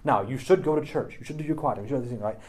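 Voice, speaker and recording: A man's voice: mid-range voice, rapid-fire, darkish tone. Chatty man leading a Bible study. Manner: chatty, many "like" and "right?" tags. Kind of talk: casual teaching discussion.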